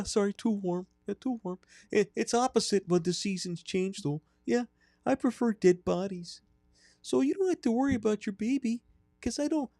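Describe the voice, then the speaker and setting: A man putting on a creepy, overly chummy Wisconsin man with a Wisconsin accent, talking in a high falsetto with a folksy drawl. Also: mellow, no echo, clean studio sound.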